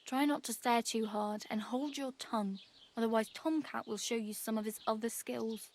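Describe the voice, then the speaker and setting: A woman's voice: on the high side, fairly even intonation, normal speed, a little hiss or hum, lightly acted. An actress voicing a guarded woman in a video game who gives a stranger careful warnings.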